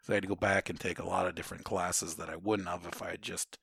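Low-voiced middle-aged man telling war stories. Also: fast talker, gravelly, husky, no echo, clean studio sound. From Ohio, United States. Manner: profane, animated storytelling, shouts out drill sergeant lines. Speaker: interviewee, Army veteran. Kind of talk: casual storytelling interview.

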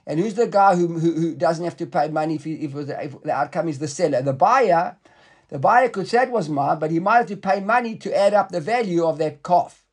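Guy with a high voice teaching talmud, chatty, lots of restarts and questions to the class. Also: expressive, a little fast. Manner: conversational, repeats words and restarts, asks the class questions.

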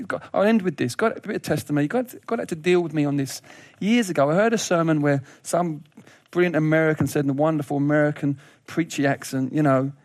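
A man preaching a sermon in a lively, humorous way, laughing often and repeating words as he goes. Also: a little high, no room sound.

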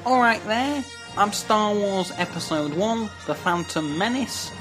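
A man putting on a drawn-out announcer voice for a film, spoken over music. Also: high-pitched, animated, voice pushed up. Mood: brash.

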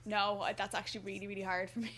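A woman's voice: mid-range voice, level tone, rapid-fire, a bit bright. A woman in the radio studio chatting off-mic and laughing at herself.

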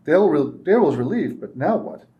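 A man, an author, reading his own fiction aloud with steady, measured narration at a convention reading. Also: fairly high pitch, highs cut off.

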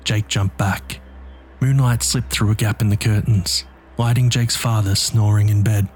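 A man with a low-pitched voice reads scripted narration in a measured, tense way. Faint music plays beneath his telling. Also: fairly even intonation, darkish tone.

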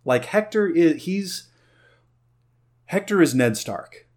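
A man's voice: fairly high pitch, expressive, slow pace, darkish tone. Agreeable male podcast co-host. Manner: agreeable, affirming. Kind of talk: casual chat.

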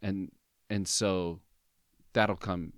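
A man in his fifties telling a personal story as a podcast guest, animated and emotional, acting out what people said. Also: deep voice, drawn-out words, dry recording, studio quality. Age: 50s. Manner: animated, emotional storyteller who acts out quoted dialogue.

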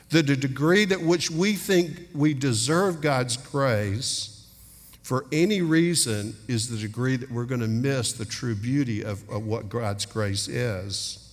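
A middle-aged man preaching a sermon earnestly, acting out little dialogues as he speaks. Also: medium pitch. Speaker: pastor. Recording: long hall reverb.

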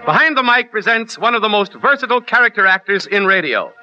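A man's voice: sits high, animated, quick pace, over music. A man hosting an old-time radio interview in a genial, formal announcer manner. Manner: genial, formal announcer delivery with easy laughs. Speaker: radio host. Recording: muffled old radio broadcast.

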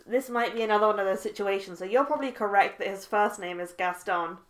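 A woman co-hosting a casual chat who tells animated stories and breaks into laughter. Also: medium pitch, fast.

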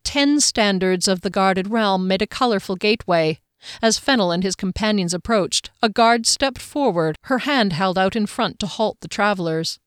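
A woman reading a fantasy novel aloud in a steady storytelling manner. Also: mid-range voice, moderate pace, clean tone, dry recording, clean studio sound. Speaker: narrator. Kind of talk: scripted fantasy narration.

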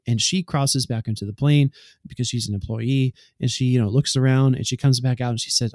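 A man of middle pitch telling a rambling podcast story, full of "like" and "right?". His speech is casual and anecdotal. The mic is dry and close. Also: fast, darkish tone, dry recording. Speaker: podcast co-host.

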